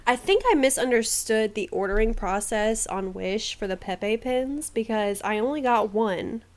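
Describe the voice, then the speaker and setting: High-voiced, animated American woman. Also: unhurried. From United States. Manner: animated, teasing storyteller who laughs a lot. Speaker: podcast co-host. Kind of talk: casual podcast chat.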